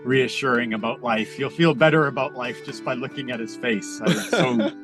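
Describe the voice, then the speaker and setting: A middle-aged man speaking as a podcast guest over a video call, earnest and halting, with many fillers and restarts. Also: medium pitch, over music. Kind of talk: reflective conversational talk.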